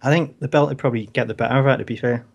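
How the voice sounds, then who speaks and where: A man co-hosting a wrestling talk show in casual chat, relaxed and a little hesitant, restarting words as he works through his thoughts. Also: mid-range voice, racing, gravelly. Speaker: co-host.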